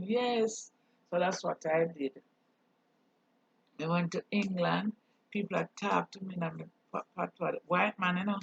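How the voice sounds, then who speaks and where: A man's voice: high voice, unhurried, gravelly, pauses often, fairly bright tone, slightly rough, no echo. A man from Jamaica with a Jamaican accent, talking earnestly in a casual monologue and mixing patois with English. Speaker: channel host. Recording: dull dry recording.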